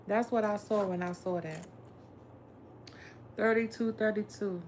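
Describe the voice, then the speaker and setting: A woman's voice: mid-range voice, measured pace, pauses often, darkish tone, a little hiss or hum. A woman tarot reader chatting casually with viewers on a livestream, blunt and swearing freely. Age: adult with a son.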